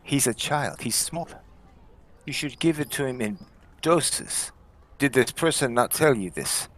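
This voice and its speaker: A man voicing a gruff, blunt male dwarf cleric who is questioning a witness forcefully in court. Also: mid-range voice, lively intonation, a little slow. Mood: reasoning. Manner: forceful, interrogating.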